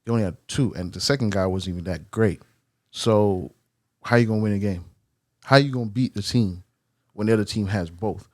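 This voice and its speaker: A man co-hosting a casual sports chat, easygoing but quick to argue his picks. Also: lowish voice, a little mellow, dry recording, clean studio sound. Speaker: co-host.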